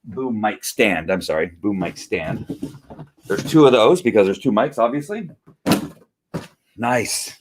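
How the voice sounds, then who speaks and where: A man's voice: on the low side, lively intonation, a little slow, long pauses, noisy background. A man in his home studio, rambling casually with many fillers while unboxing a gift on a live stream, a little out of breath.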